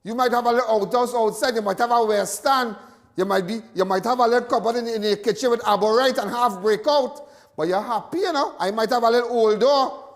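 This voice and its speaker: High-voiced Trinidadian man, preaching. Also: brisk, big-room sound. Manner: folksy, preaching, repeats phrases. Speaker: talk show host. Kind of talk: animated live commentary.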